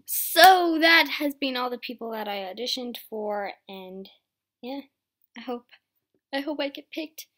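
A woman's voice: high-pitched, lively intonation, measured pace, a bit bright. Chatty, apologetic young woman. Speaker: voice actor auditioning. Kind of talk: casual audition vlog.

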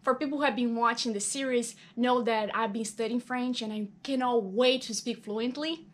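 Cheerful high-voiced woman vlogger. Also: normal speed. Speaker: video host. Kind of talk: table read vlog.

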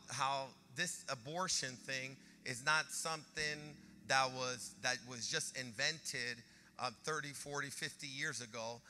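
Bright-voiced preaching pastor, a man. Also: fairly high pitch, in a large hall, slight background noise. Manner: animated preaching, rising to shouts. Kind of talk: sermon.

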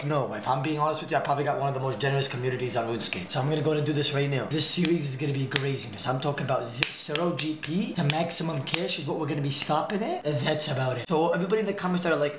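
A man's voice: a little high, fast talker, reverberant, slight background noise. A man streaming a game live, boisterous and laughing, trash-talking and greeting his chat.

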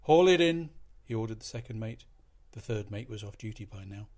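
A man narrating a short story aloud in an expressive, measured reading voice. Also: lowish voice, slightly rough.

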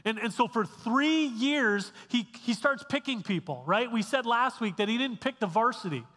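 A man's voice: very high voice, expressive, moderate pace, bright, forceful tone, in a large hall. A male pastor giving a sermon in a casual, conversational way, often restarting phrases and checking in with the congregation. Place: church sanctuary.

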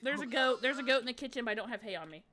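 A woman's voice: fairly high pitch, lively intonation, very fast, heavy background noise. A woman playing a co-op horror game with friends, calling out items and narrating her moves with giggles. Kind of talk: casual gaming chat.

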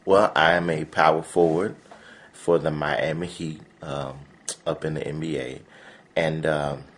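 A man playing a nervous, overemotional basketball player recording a dating video in a comedy sketch, halting with lots of ums. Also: very deep voice, fairly even intonation, slight background noise. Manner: halting, full of ums, breaking into tearful wailing.

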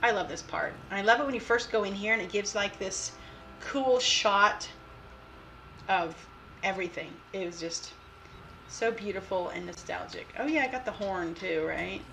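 A woman's voice: medium pitch, moderate pace, creaky, a bit bright, slight background noise. A woman casually commenting on her gameplay at home, giggly and playful, recorded through a laptop mic. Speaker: game streamer. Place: home room. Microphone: laptop mic, headphones on.

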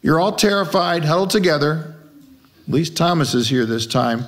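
A man's voice: a little high, expressive, normal speed. A male pastor preaching a conversational sermon, asking rhetorical questions and acting out quoted lines in character voices. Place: church.

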